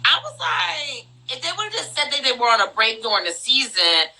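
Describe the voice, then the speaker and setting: A woman's voice: sits high, sing-song, a little fast, sharp tone, poor audio. A woman co-hosting a casual reality TV chat, talking loosely with lots of "like" and "um" fillers. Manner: chatty, frequent "like" and "um" fillers. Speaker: podcast co-host.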